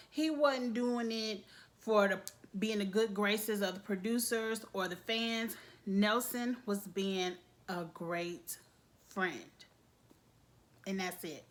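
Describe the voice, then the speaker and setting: Recapping an episode of reality TV in casual conversation, this expressive woman has a medium-pitched voice that swings up and down. Laughter comes frequently.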